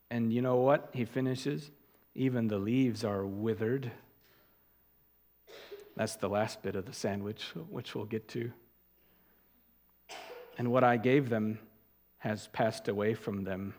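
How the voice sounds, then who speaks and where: A male pastor delivers a sermon at an unhurried pace in a mid-range voice. He presses hard on his key words and then drops low for quiet asides. His voice rings out with the long reverb of a large church sanctuary. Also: steady tone. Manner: emphatic, deliberate, swings from loud stresses to quiet asides. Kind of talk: expository sermon.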